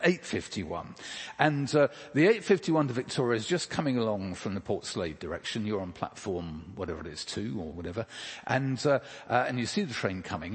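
A man's voice: mid-range voice, slightly rough, big-room sound. A man preaching a sermon in a conversational way, asking rhetorical questions and dropping casual asides. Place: church.

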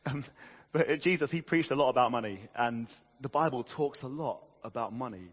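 A man preaching a sermon in a church, animated and conversational, with frequent restarts. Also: medium pitch, fairly quick, husky, long reverb tail, lo-fi sound.

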